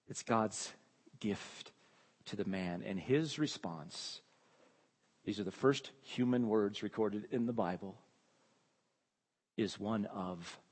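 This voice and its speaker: A man's voice: lowish voice, darkish tone, breathy edge, big-room sound. A man preaching an expository sermon, emphatic and repeating key phrases, his voice rising when he exclaims.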